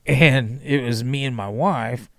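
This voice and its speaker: A man's voice: medium pitch, takes it slowly, dry recording. A married man on a podcast casually retelling a booking mishap, with plenty of cursing. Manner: laid-back, profane retelling of a mishap. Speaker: podcast co-host.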